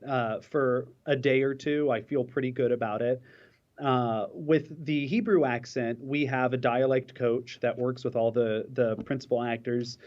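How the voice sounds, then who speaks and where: A male actor chatting as an interview guest, full of ums and restarts. His voice sits at an ordinary pitch. The sound is a little dull. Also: darkish tone. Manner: halting, filler-heavy. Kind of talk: casual interview chat.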